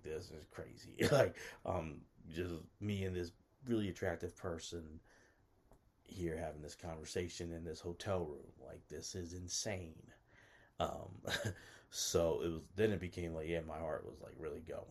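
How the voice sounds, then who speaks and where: A man with a deep, low voice tells a personal story casually. He circles back on himself and stumbles through restarts, leaning on "like" constantly. He sounds self-conscious as he goes. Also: moderate pace, mellow. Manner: rambling, self-interrupting, lots of "like".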